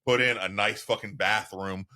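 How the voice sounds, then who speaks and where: A lowish, bright, forward-sounding man co-hosting a podcast. He rambles through a casual chat, swearing freely and laughing often. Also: steady tone, normal speed. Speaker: podcast co-host.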